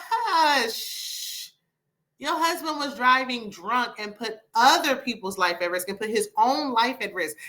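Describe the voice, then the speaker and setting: Woman doing a reality show review, bright voice, sassy and opinionated, talking back at the screen. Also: a little high. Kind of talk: casual commentary.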